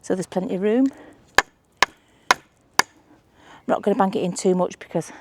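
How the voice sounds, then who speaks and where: Heavy background noise surrounds this woman's mid-range voice as she speaks at a measured pace. A middle-aged Manchester native, she builds a trellis at her allotment for her vlog, chatting casually, thinking aloud, and teasing herself about her handiwork.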